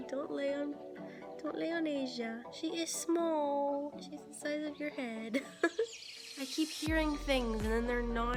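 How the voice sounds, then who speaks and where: A woman filming a casual unboxing vlog on her phone, excitedly talking to her pets. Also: sits high. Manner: excitable, squealing baby talk to her pets. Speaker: vlogger with a service dog. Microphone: phone camera.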